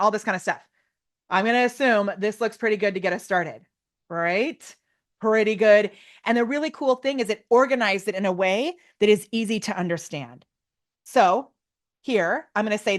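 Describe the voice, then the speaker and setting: A woman runs a live online workshop, demoing on screen with loud, bubbly excitement. She laughs often and keeps her voice at an ordinary middle pitch. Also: moderate pace. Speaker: workshop presenter.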